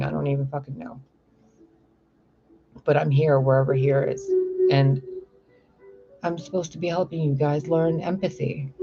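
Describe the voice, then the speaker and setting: A man talking in a casual, rambling, profane monologue as a spiritual reader. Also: fairly high pitch. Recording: slightly muffled with faint music. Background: faint music.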